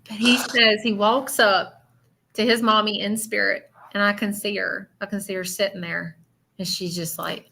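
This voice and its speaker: A woman's voice: medium pitch, level tone, moderate pace, vocal fry, sharp tone. A woman with a Southern accent hosting a live psychic reading, chatty and blunt with many fillers. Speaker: spiritual medium.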